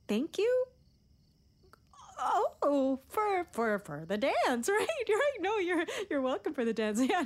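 High-pitched woman in a stammering stage monologue. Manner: rapid, stammering, comic teen chatter. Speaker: stage performer of a one-woman play. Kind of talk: theatrical monologue.

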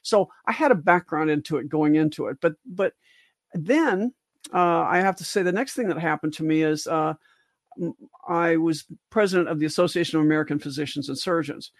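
An older woman, a physician co-hosting a livestream discussion, speaks in long rambling stretches full of restarts and asides, her voice rising to stress key points. Her voice is deep and a little fast, captured in a clean studio with no room sound.

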